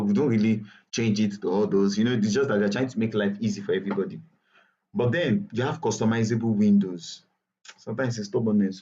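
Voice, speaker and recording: Nigerian male instructor, low mellow voice, casual and repetitive, dull online-call audio. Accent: Nigerian English. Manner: chatty, repetitive, self-correcting. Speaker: bootcamp instructor. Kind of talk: live online tutorial.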